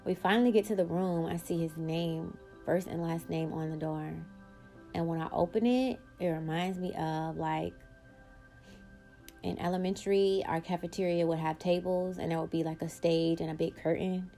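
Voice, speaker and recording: A woman's voice: fairly low pitch, fairly even intonation, moderate pace, dark tone, soft background music. A woman hosting her own podcast, telling a personal story bluntly, with frequent swearing and emphatic bursts. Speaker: podcast host.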